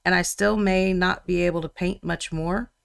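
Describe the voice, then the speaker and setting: A woman's voice: lowish voice, fairly even intonation, moderate pace, gravelly, clean tone. A woman chatting casually and teasing her co-host while she paints miniatures on a live stream. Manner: chatty and teasing, often laughing.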